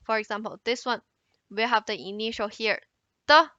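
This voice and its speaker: A woman with a Mandarin Chinese accent teaching an introductory language lesson, explaining slowly and exaggerating tones in her examples. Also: mid-range voice, fairly even intonation, bright, forceful tone, no echo, lo-fi sound. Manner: slow, careful explanation, exaggerating tone contours in examples.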